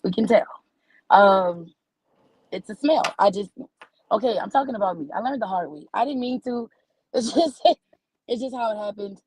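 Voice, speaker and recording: A woman's voice: mid-range voice, normal speed, pauses often, a little mellow, husky, no room sound, low-quality recording. New Orleans woman doing stand-up. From New Orleans, USA. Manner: folksy, scolding auntie tone, calls people baby. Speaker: stand-up comedian. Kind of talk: stand-up comedy on radio.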